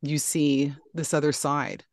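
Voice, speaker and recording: A woman co-host offering measured, validating comments and warnings. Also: low voice, steady tone, no room sound, clean studio sound. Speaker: podcast co-host. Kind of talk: interview comments and trigger warning.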